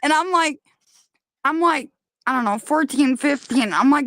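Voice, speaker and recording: A woman co-hosting a casual chat on a remote call, telling a family story with animated asides. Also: sits high, measured pace, no room sound. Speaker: co-host. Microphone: remote call mic.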